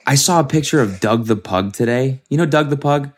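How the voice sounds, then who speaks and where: A man's voice: mid-range voice, brisk. A man hosting a podcast, ranting casually and mockingly, with frequent swearing, from a very hot room. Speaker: podcast host. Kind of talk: casual solo rant.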